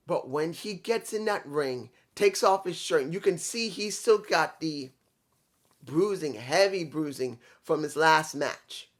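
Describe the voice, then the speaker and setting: A man's voice: on the high side, lively intonation, a little slow, a bit bright. A man reviewing a wrestling show in a casual, rambling way, with some swearing and restarts.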